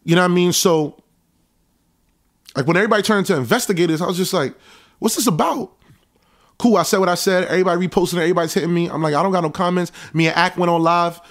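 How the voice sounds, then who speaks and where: A young man, casually recounting events in an animated storytelling monologue. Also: high voice, very fast. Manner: animated, reenacts conversations in a raised voice. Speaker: show host recounting events.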